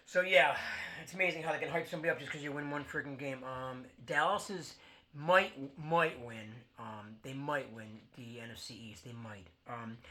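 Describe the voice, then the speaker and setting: A man's voice: medium pitch, sharp tone. A man hosting a football talk show, ranting bluntly with lots of fillers and swearing. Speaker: sports podcast host. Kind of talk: casual sports rant.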